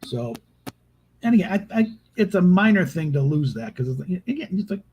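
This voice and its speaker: A man's voice: a little high, big pitch swings, a little fast, darkish tone, husky, lo-fi sound. A man giving casual, rambling spoken commentary on a film, with frequent restarts and exasperated asides. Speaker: video host reviewing a film.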